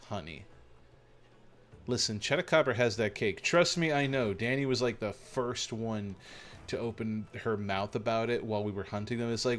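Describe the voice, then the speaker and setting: Playful rambling male game streamer. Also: normal speed. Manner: playful, rambling, excitable with sudden high yelps. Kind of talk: casual stream commentary while gaming.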